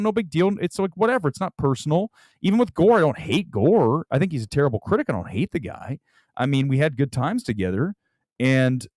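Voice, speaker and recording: A man's voice: a little high, darkish tone, no room sound, studio quality. A man hosting a casual livestream as a movie critic, ranting bluntly and combatively, often repeating himself for emphasis.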